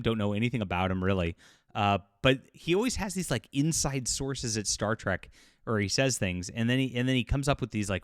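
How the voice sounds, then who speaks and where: A man's voice: medium pitch, fairly bright tone, no echo, studio quality. A man hosting a casual commentary channel, rambling with lots of fillers and restarts. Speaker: YouTube host and sci-fi writer.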